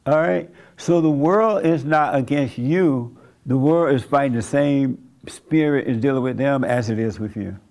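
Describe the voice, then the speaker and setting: Gravelly conversational preacher man. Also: mid-range voice, unhurried, darkish tone. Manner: conversational preaching, chuckling, acting out quoted voices. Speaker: pastor. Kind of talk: sermon.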